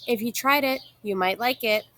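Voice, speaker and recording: A woman's voice: on the high side, normal speed, sharp tone, no echo. A woman reading aloud and voicing an eager, exasperated mother who teaches drama, in a raised, insistent tone. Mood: coaxing.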